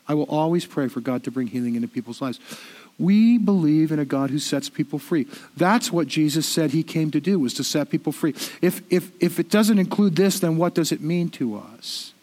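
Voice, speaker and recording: A middle-aged man preaching in a high voice. He keeps it conversational and self-deprecating, often doubling back on his words as he talks. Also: expressive, normal speed, darkish tone. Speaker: pastor. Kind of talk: sermon.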